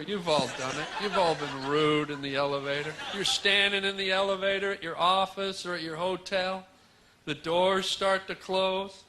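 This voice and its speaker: Male stand-up comic, rambling nonsense riffs, live club recording with audible background noise. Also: a little high. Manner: rambling, absurd nonsense wordplay. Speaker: stand-up comedian. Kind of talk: stand-up comedy set. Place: comedy club stage.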